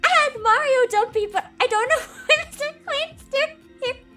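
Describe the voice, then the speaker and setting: A woman's voice: very high voice, moderate pace, pushed and bright, faint music behind. A woman streaming live as a VTuber, hyper and giggly, chatting casually, swearing freely and greeting viewers by name.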